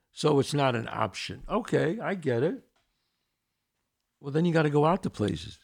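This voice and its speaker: Middle-aged New host, gravelly voice, casual storyteller who acts out the voices. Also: male voice, a little high, animated, moderate pace, long pauses. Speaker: podcast host. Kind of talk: casual storytelling and answering listener questions.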